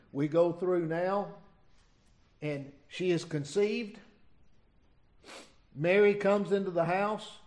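A middle-aged man preaching an informal sermon, reading scripture and retelling it in a folksy, halting way. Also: high-pitched, darkish tone. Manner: folksy, halting, many restarts and asides.

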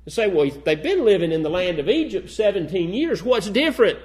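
A man's voice: high-pitched, big pitch swings, fairly quick, darkish tone. A man preaching a sermon, reading old-fashioned scripture aloud and then pressing his points with rising emphasis.

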